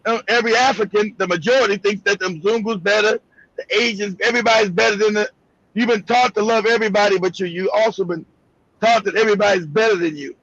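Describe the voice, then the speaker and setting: A man's voice: high-pitched, a bit bright, dry recording, muffled recording. A man hosting a livestream, delivering heated, profane commentary with emphatic repetition. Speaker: livestream host.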